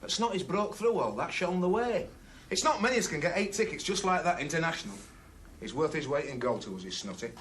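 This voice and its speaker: A man's voice: on the high side, very animated, a little fast, a bit bright. An actor playing a loyal, earnest Northern English rugby club man in a 1970s television drama, with a Northern English accent. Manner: earnest, defensive of his friend. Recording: noisy 1970s television soundtrack.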